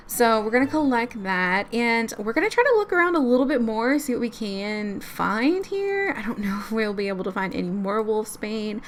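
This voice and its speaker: A woman's voice: on the high side, animated, moderate pace, few pauses, slight background noise. A young woman narrating a life-sim let's-play, chatty and storytelling, often laughing. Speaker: game streamer.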